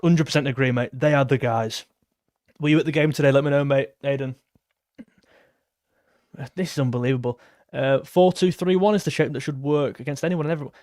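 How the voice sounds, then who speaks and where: A man's voice: fairly high pitch, brisk, a little mellow, dry recording, clean studio sound. Chatty young man on a fan livestream. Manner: chatty, reads out fan messages and thanks donors. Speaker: football channel host reading donations. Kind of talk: casual livestream chat.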